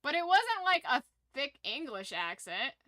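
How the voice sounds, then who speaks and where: A woman streaming from her room at home, chatting casually with viewers in a rambling, excitable way and laughing often. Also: high-pitched, a little slow, dry recording. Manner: animated, rambling fan enthusiasm with frequent laughs.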